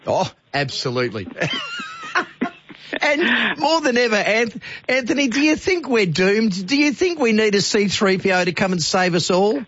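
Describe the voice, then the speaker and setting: A man's voice: high-pitched, very animated, moderate pace, a bit bright, dull audio. A man hosting a radio interview, chummy and enthusiastic. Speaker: radio host. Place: radio studio.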